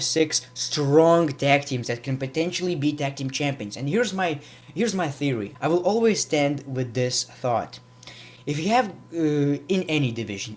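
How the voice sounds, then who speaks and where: A man giving a casual, rambling wrestling review, with frequent restarts and repeated words. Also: a little high. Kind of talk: casual vlog commentary.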